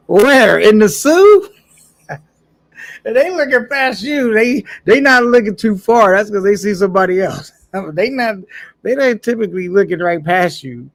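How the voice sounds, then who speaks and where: A man's voice: high voice, normal speed, a bit bright. A man casually chatting on a live stream, reading viewer comments aloud in a laid-back, slangy way and laughing often.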